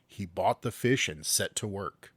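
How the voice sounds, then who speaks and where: Guy with a lowish voice reading weird news on a podcast, trips over words. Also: unhurried, a bit bright, husky, dry recording. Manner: reads articles aloud, stumbles over words. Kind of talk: casual chat.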